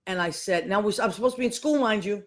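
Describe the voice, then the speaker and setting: A woman, hosting a podcast and telling a family story in a casual, animated way, acting out the voices of the people in it. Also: mid-range voice, fast, slight background noise. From Boston, USA. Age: 50s. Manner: animated, acts out voices of people in her stories. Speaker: podcast host.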